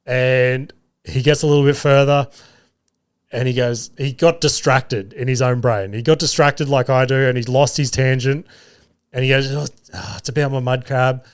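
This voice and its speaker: Podcast host, young Aussie man, clear mid-pitched voice, loose and profane anecdote-telling. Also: fairly even intonation, normal speed. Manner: swearing, laughing anecdotes. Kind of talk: casual storytelling.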